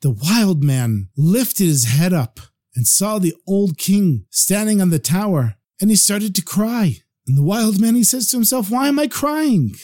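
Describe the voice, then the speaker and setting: A man telling a parable as a storyteller, in an animated, expressive way. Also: high voice, measured pace.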